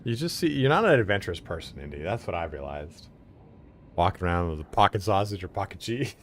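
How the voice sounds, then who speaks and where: A man's voice: low voice, sing-song, brisk, a little hiss or hum. Laid-back man streaming a game. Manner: laid-back, joking, crude, thanks subscribers. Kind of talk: casual live-stream chat while gaming.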